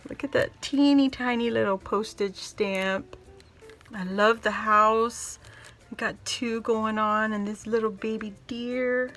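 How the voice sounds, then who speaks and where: A woman hosting a casual crafting vlog, gushing and excitable as she shows off a handmade gift and talks to her viewers. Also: a little high, takes it slowly. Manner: gushing, excitable, squeals and laughs often; addresses viewers as "guys". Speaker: crafting video host.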